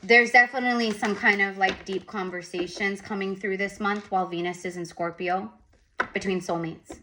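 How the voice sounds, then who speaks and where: Bright lady doing a tarot reading, rambly, says things twice. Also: mid-range voice, moderate pace, a little hiss or hum. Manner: rambling, repetitive, animated asides. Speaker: tarot reader. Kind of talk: casual spoken tarot reading.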